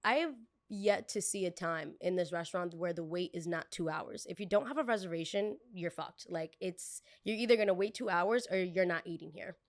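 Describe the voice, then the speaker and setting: A young woman hosting a podcast, telling a work story in a chatty, animated way and acting out the people in it. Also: lowish voice, fairly quick, dry recording, clean studio sound. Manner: chatty, animated, acts out every voice in the story, curses freely. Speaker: podcast host. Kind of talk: casual storytelling.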